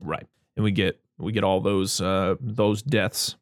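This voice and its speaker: A man's voice: deep voice, steady tone, measured pace, no room sound, clean studio sound. Laid-back man recapping a movie. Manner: laid-back, laughs often, acts out characters' lines. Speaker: podcast host recapping a film. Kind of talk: casual chat.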